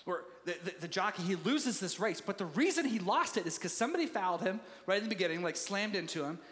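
A male pastor preaching a sermon in a conversational, animated way and laughing easily. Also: high-pitched, fast, in a large hall.

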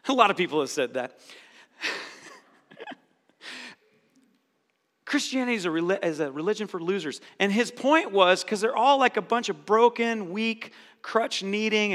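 A high, bright-toned man preaching a sermon with emphatic, repeated phrases. His middle-aged voice carries through a large hall with a long reverb. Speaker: pastor.

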